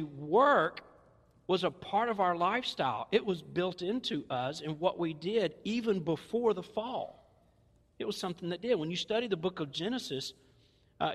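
A man with a Southern US accent delivers a sermon in a folksy, conversational way, slipping in playful asides. His voice sits a little high. A long reverb trails his words, like a large church sanctuary. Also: a bit bright. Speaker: pastor.

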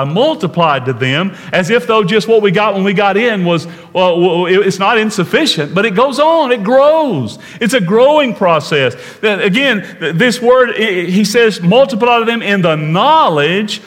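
A man preaching a sermon in an earnest way, slowing down to stress key words and dropping to a hush at times. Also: sits high, very animated, long reverb tail. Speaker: pastor.

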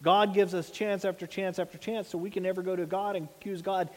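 A man in his thirties preaches a sermon, talking earnestly and plainly, with plenty of rhetorical questions. His voice sits high for a man. It rings out with a long reverb, like a big hall. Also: flat delivery, fairly quick, darkish tone. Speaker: pastor.

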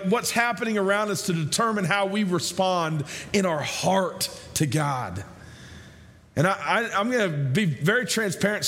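A man preaching a sermon as pastor, conversational, repeating phrases and slowing down to stress key lines. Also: high voice, fairly bright tone.

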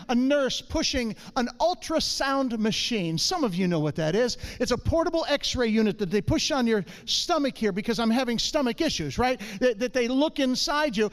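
High-voiced man telling a funny church story. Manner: animated storyteller, calls for audience response. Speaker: church speaker. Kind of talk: humorous testimony to a congregation.

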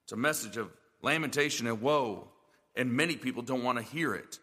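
A man's voice: medium pitch, brisk, sharp tone, breathy edge, in a large hall. A male pastor preaching a sermon in a church, emphatic and full of rhetorical questions.

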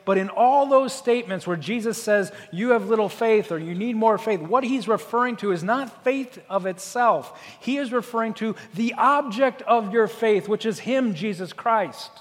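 A man preaching a sermon as pastor, earnest, building to forceful emphasis and then dropping soft. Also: high voice, normal speed, few pauses, in a large hall.

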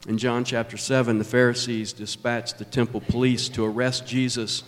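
A man preaching a sermon as pastor, emphatic and measured, with dramatic pauses. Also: mid-range voice, flat delivery. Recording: long reverb of a large hall.

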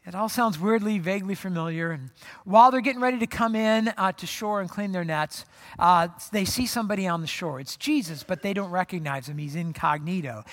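A pastor preaching a sermon in a church, casual and animated, acting out the dialogue with laughs. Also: medium pitch, fairly quick. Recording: long reverb from a hall.

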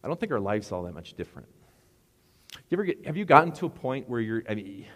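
A man's voice: mid-range voice, sing-song, quick pace, fairly bright tone, in a large hall. A middle-aged man preaching a sermon as pastor, rambling and conversational with asides.

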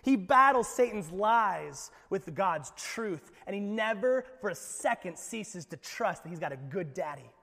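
A man's voice: sits high, expressive, a little slow, creaky, hardly any pauses, bright, forceful tone, big-room sound. A man preaching a sermon as pastor, in an emphatic, conversational way.

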